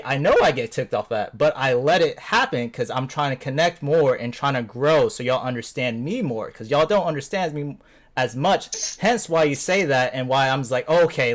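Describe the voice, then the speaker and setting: A man with a mid-range voice talks through his feelings in a casual gaming chat. He rambles earnestly and leans on fillers like "like" and "you know.". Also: mid-range voice. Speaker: gamer in a voice chat. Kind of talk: casual chat, explaining himself.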